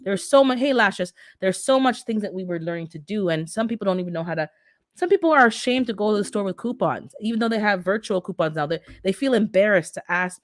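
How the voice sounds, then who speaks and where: A woman's voice: mid-range voice, lively intonation, quick pace, no echo, clean studio sound. A middle-aged woman who immigrated to North America, hosting a casual livestream and chatting back to her viewers' comments. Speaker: livestream host reading the chat.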